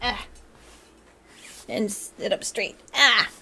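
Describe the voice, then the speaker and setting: A woman's voice: medium pitch, animated, drawn-out words, sharp tone, slightly rough. A woman hosting a livestream while building a model kit, chatting casually, answering viewers and laughing often. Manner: chatty, giggly, answers chat.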